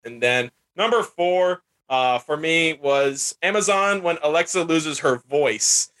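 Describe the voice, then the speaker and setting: The podcast host has a voice on the high side, a bit bright, delivered a little slowly. He's chatty and rambling, laughing as he recounts scenes using put-on voices.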